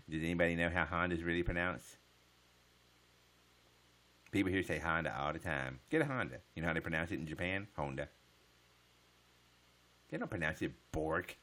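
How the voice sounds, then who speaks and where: Man, live stream chat, deep voice, lively pitch, joking, profane. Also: normal speed, long pauses. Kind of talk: casual live-stream chat answering viewers.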